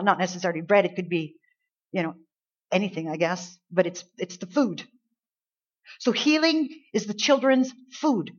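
A woman pastor delivering a sermon, building to emphatic peaks and dropping to soft, earnest tones. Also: mid-range voice, husky. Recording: dull lo-fi church recording.

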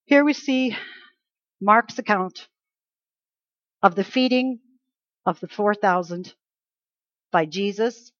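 A woman's voice: medium pitch, slow, pauses often, dry recording, highs cut off. A woman giving a conversational Bible teaching, checking in with her listeners through rhetorical questions.

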